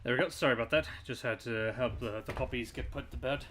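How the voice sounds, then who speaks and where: A man's voice: medium pitch, fast, a bit bright, slight background noise. A man chatting casually on a stream in an easygoing, agreeable way. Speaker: voice actor on a stream. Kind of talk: casual chat.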